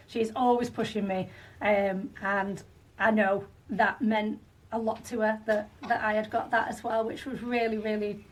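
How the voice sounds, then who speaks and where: A woman's voice: mid-range voice, flat delivery, a little slow, far from the mic. A woman in her thirties with a Northern English accent, a franchisee telling her story in a podcast interview, chatty with fillers and restarts. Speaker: franchisee guest.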